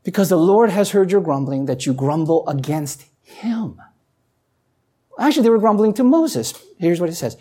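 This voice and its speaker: A woman preaching a sermon who reads scripture aloud and asks the listeners questions. She climbs to emphatic peaks, then drops low and quiet. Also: big pitch swings, normal speed.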